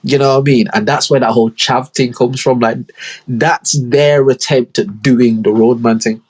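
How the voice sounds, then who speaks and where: A young man from holds forth alone on his podcast, loose and slangy, and he keeps slipping into mocking impressions. His voice sits mid-range and sounds somewhat husky. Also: mid-range voice, normal speed. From Leeds, northern England. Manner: casual, slangy, animated storytelling with mocking impressions. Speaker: podcast host. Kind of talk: solo podcast monologue.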